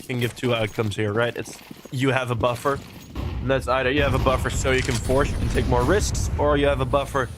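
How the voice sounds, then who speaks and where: A man casting a competitive shooter match live, giving animated play-by-play commentary that drifts into chatty tangents. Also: mid-range voice, noisy background. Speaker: esports caster. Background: faint game gunfire.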